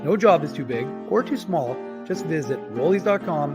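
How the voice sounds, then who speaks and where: A man doing a calm, reassuring ad pitchman. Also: moderate pace, highs cut off, music in the background, natural voice. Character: calm, helpful male friend in an ad. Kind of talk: radio ad skit.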